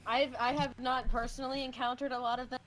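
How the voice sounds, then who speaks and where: A woman's voice: high-pitched, level tone, fast talker, a bit bright, slight background noise, low-quality recording. A young woman in casual chat, playful and giggly, now and then breaking into song. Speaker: co-host chatting.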